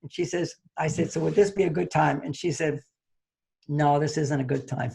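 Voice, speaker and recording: A man, a relationship author interviewed as a guest, telling a personal story and acting out his own reactions with sudden high, loud jumps. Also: steady tone, moderate pace, vocal fry, breathy edge.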